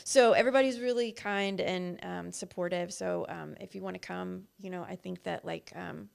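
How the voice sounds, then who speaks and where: A woman's voice: on the low side, moderate pace, vocal fry. A woman guest from an adult learning program, chatting casually and filling her talk with um and like. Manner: chatty, full of fillers like um and like. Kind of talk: casual live-stream chat.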